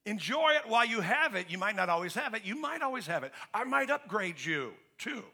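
A man's voice: sits high, sing-song, a little fast, sharp tone, slightly rough. A man pastor preaching a sermon in an emphatic, conversational way, asking the congregation to finish his questions. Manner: emphatic and conversational, with frequent restarts.

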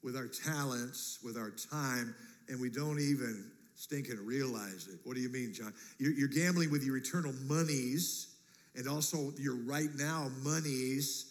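A male pastor preaching a sermon, animated and acting out voices, swinging between loud and quiet. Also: medium pitch, unhurried. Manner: animated, acts out voices, big swings in loudness. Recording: long hall reverb.

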